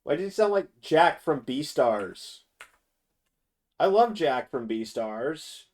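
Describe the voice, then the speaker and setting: Here a man with a fairly high, sing-song voice talks slowly while streaming, reacting to a game trailer in a loose, foul-mouthed rant. His delivery drawls, and he often breaks off to start sentences over.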